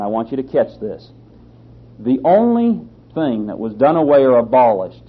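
A man's voice: fairly high pitch, slightly rough. A man teaching a sermon on scripture, who speaks emphatically, repeats his key phrases and asks rhetorical questions. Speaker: Bible teacher. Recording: slightly dull lo-fi sound.

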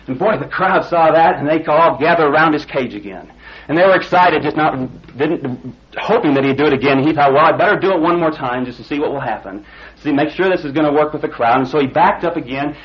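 Husky man preaching a folksy sermon. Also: medium pitch, dull audio. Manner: folksy storytelling, rising excited when telling the climax. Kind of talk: sermon with illustration story.

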